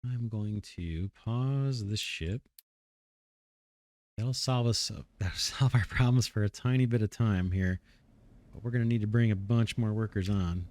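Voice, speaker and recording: A man's voice: on the low side, unhurried, a little mellow, no echo. A man hosting a let's play, thinking aloud as he builds, his voice a little worn. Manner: thinking aloud, musing and self-correcting. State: slightly losing his voice. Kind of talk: casual gameplay commentary.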